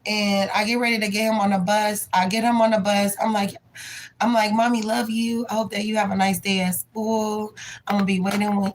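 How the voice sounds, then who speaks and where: A woman chatting on her livestream, voice sitting in a middle register. She talks openly and curses freely, getting animated as she relives a scare. A faint hum of noise sits under the recording. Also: medium pitch, low-quality recording. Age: adult parent. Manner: candid, profane, animated when retelling. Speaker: tarot reader and livestream host. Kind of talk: casual livestream storytelling.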